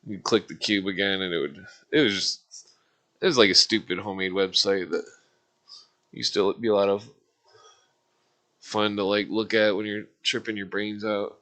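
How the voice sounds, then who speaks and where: A man's voice: on the low side, steady tone, moderate pace, long pauses, pushed and bright. Rambling, cursing man in his forties. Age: 40s. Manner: rambling, profane, laughs often. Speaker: streamer. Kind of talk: casual livestream rant.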